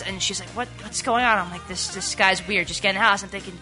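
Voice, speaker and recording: A young woman co-hosting a casual radio show, telling a story in an animated way, swearing freely and acting out what people said. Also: medium pitch, fast talker, faint music behind.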